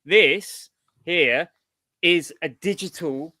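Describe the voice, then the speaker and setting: A middle-aged man speaking as a guest in a relaxed interview, his voice pitched a little high with a bright, forceful edge. He talks in long, digressive stretches. The sound is dry and close. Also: very slow, dry recording. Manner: rambling, digressive storytelling. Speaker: comics writer, interview guest. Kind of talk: casual interview chat.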